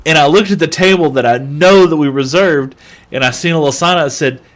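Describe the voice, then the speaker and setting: A man's voice: a little high, a little fast. Chatty male streamer telling a story. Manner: chatty, animated storyteller who talks to chat. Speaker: gaming livestreamer. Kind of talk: casual chat and storytelling while gaming.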